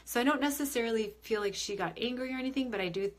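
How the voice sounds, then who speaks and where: A woman's voice: on the high side, very fast. Young adult woman, spiritual medium, upbeat and chatty, answering viewer comments on a live stream, loose and rambling. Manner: chatty, upbeat, many fillers and restarts; reads viewer comments aloud and answers them. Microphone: phone or webcam on a live video stream.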